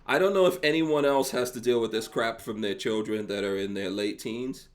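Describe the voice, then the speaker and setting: Middle-aged male podcast host, mid-pitched, loose and jokey, laughs a lot. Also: moderate pace. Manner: laughs often, mimics his sons. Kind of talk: casual podcast chat.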